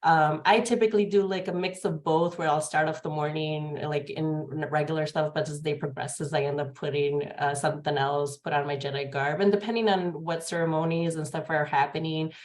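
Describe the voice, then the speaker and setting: A woman in a casual group discussion, speaking hesitantly with many pauses and fillers. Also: sits low, steady tone. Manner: hesitant, many ums and uhs. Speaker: Jedi community member.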